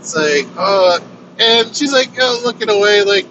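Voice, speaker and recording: A man with a high voice tells a long story, slow and unhurried, while riding in a vehicle. He swears often and lively acts out his characters' lines. Steady road noise hums under everything. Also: highs cut off. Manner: animated, swears freely, acts out quoted lines. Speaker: vlogger telling his own story. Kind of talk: casual storytelling. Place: inside a moving vehicle on a road trip.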